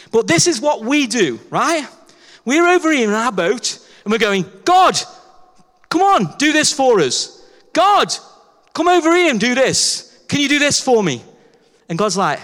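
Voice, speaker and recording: A man preaching a sermon as a pastor, telling a story with animated acted-out dialogue. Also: sits high. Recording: long hall reverb.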